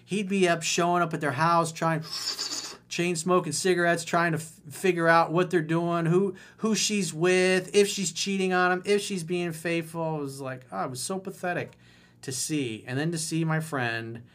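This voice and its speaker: A man's voice: on the high side, moderate pace, fairly bright tone. A man giving dating advice in a blunt, mocking and profane monologue. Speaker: dating coach and author.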